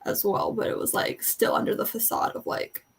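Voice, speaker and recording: A young woman from Canada's west coast, chatting casually and rambling on a book club livestream. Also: moderate pace. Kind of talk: casual chat on a reading livestream.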